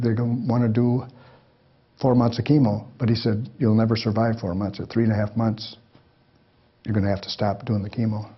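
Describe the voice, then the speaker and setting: A man's voice: medium pitch, husky. An older man telling life stories to an audience in a folksy, rambling way that keeps breaking into chuckles. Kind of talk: storytelling talk. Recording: dull lo-fi lecture recording.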